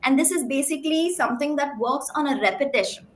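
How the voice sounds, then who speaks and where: Female speech therapist, slightly high voice, clear emphatic teaching delivery to parents, asks the room questions. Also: fast, a little hiss or hum. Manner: clear, emphatic teaching with frequent "right?" check-ins. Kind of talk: talk to parents.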